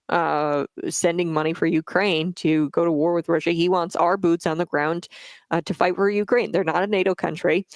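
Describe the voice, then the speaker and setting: A woman's voice: fairly low pitch, no echo. A woman hosting a talk radio show, giving blunt, opinionated commentary with frequent fillers and restarts, on a studio microphone.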